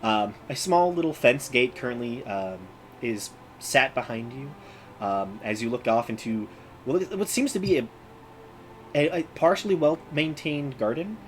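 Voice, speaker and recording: A man narrating a tabletop game as game master, pausing often with ums and uhs. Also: medium pitch, expressive, a little hiss or hum, rough recording. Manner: halting, many ums and uhs.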